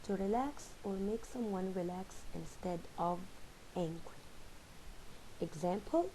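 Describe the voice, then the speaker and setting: A woman teaching a recorded English lesson at an unhurried pace. Her voice is mellow and relaxed as she explains each phrasal verb and reads out example sentences. A faint hiss sits under the recording. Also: medium pitch, rough recording.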